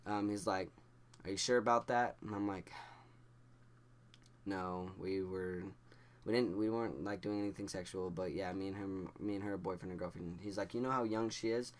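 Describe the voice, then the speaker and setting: A man's voice: low voice, fairly even intonation, moderate pace. A young man from Idaho telling a story to camera in a rambling, stammering way, acting out what others said. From Idaho, USA. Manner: rambling, stammering restarts, acts out quoted dialogue. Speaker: vlogger.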